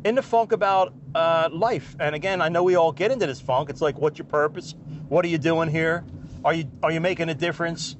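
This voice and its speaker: A man's voice: on the high side, a little fast, highs cut off, a little hiss or hum. Rambling middle-aged man in a truck. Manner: rambling, laughs at his own stories. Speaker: podcast host. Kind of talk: casual storytelling monologue. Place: in a truck while driving.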